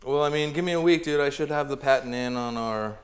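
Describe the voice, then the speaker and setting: A man co-hosting a comedy podcast in relaxed chat, halting with ums and calling people dude and man. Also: mid-range voice. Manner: laid-back, says dude and man a lot, halting with ums. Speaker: producer and co-host.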